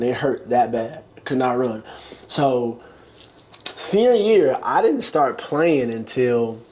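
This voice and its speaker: Here a former college basketball player, a young man from the United States, relaxes into a lengthy story as an interview guest. His voice is mid-range with a darkish tone, jumping sharply whenever he acts out what people said.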